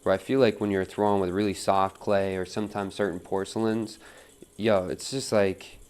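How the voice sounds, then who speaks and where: A man giving a relaxed live pottery demonstration at the wheel, talking through each step on a wireless mic in his studio. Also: low voice, normal speed, clear, resonant tone. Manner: relaxed, talks while working at the wheel, reads chat aloud. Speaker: pottery teacher streaming a demo. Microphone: wireless transmitter mic.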